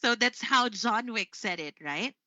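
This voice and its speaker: A woman's voice: on the high side, animated, a little slow, sharp tone, slight background noise. A woman from the Philippines teaching English online, chatty, with frequent fillers and self-corrections. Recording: dry, slightly muffled sound.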